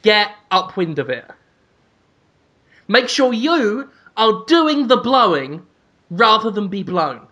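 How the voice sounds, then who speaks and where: Male podcast co-host; high, bright voice, unhurried deadpan delivery. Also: dull audio. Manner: deadpan, absurd joking. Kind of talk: casual comedic chat.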